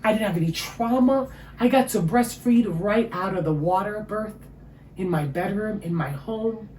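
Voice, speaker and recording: A woman's voice: medium pitch, normal speed. A woman, giving an emotional personal testimony as an interview guest. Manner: emotional, storytelling, animated. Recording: echoey room with faint ambient noise.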